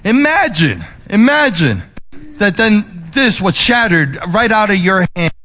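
A male pastor preaching, moving between emphatic raised lines and soft, low ones, with restless repetitions and restarts. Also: unhurried. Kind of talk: sermon.

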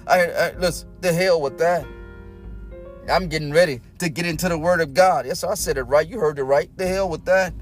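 A man preaching a sermon, folksy and repetitive, swinging from loud exhortation to low, close talk. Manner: folksy, repeats phrases, speaks in tongues.

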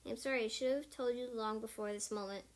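Woman reading as Yellowfang, old spirit she-cat. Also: a little high, fairly even intonation, fast, close to an everyday voice. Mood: solemn. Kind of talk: storybook reading.

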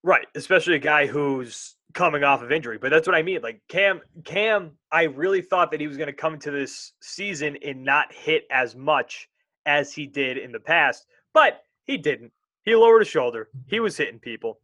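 A young man co-hosting a casual sports podcast, rambling and animated, often interrupting himself. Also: on the high side, normal speed, no room sound.

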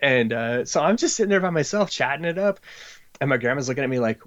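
A man's voice: medium pitch, fast. A man chatting casually on a podcast, telling a rambling story full of fillers and acting out other people's voices. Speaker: comic book creator. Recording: slightly dull lo-fi audio.

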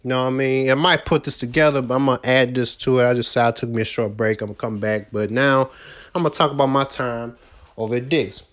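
A man's voice: medium pitch, fairly even intonation, fast talker, fairly bright tone. A man telling a loose, profane story about his jobs, full of slang and fillers, recorded without a proper microphone. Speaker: vlogger recounting his job search. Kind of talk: casual rambling storytelling.

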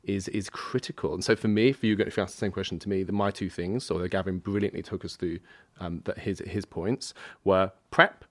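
A man's voice: deep voice, steady tone, fairly quick, a bit bright, no echo. A man speaking as a panel guest in a business discussion, enthusiastic and emphatic, with frequent ums and restarts.

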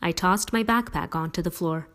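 A woman narrating a first-person story in a low-key, even way. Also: moderate pace.

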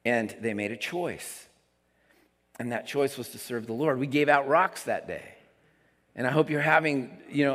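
A male pastor giving a conversational sermon, moving between quiet asides and emphatic declarations. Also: mid-range voice. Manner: conversational preaching, swings between soft asides and emphatic lines. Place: church sanctuary. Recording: long hall reverb.

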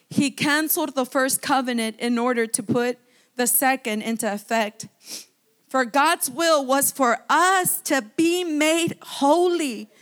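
High-voiced woman pastor preaching fervently. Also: a bit bright. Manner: fervent, reads scripture aloud with interjections of praise. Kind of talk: sermon with scripture reading. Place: church service.

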